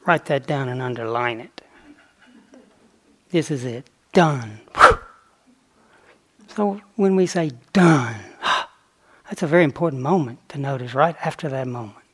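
A man giving a dharma talk on retreat as a meditation teacher, reflective and unhurried, with playful asides. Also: mid-range voice, expressive.

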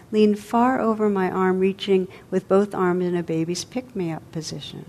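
Soft-spoken woman telling a story. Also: on the low side. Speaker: meditation teacher. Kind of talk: storytelling in a dharma talk.

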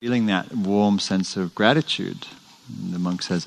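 Low-voiced man giving a dharma talk. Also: a little slow, creaky, poor audio. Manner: animated storytelling, with restarts. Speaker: meditation teacher. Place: meditation center hall.

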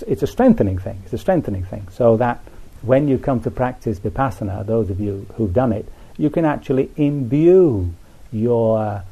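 Low, gravelly, husky man teaching meditation. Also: mellow, low-quality recording. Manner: unhurried, folksy, many asides like "you see". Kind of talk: dharma talk to retreatants. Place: retreat centre.

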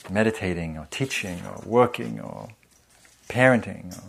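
A man's voice: lowish voice, moderate pace, vocal fry. A man giving a meditation teaching in a humorous, conversational, self-deprecating way. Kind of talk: dharma talk.

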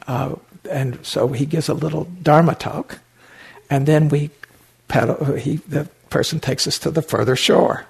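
Older man with a gravelly, husky voice. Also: fairly high pitch, darkish tone. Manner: anecdotal, wry, many fillers and restarts. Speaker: meditation teacher. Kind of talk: dharma talk storytelling.

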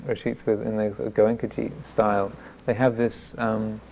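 Brief: male monk teacher, mellow and gravelly, telling a wry story on himself, faint hiss behind. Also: fairly low pitch, flat delivery. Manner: self-deprecating storytelling; halting, with frequent restarts. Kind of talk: dharma talk.

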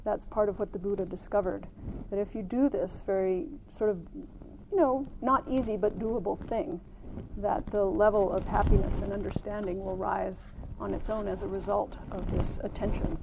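A woman meditation teacher giving a gentle, unhurried dharma talk at a retreat center, with many ums and light laughter at her own stories. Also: mid-range voice, steady tone, vocal fry, background noise.

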